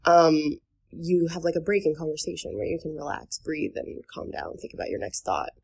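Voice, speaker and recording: A young woman from New Hampshire chats on a podcast in a slightly low voice. She fills her talk with "um" and "like" and laughs between sentences as she tells a story. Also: big pitch swings, normal speed, vocal fry, a little mellow. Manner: chatty, many fillers and "like", laughs between sentences. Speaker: guest telling a dating story. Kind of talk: casual podcast chat.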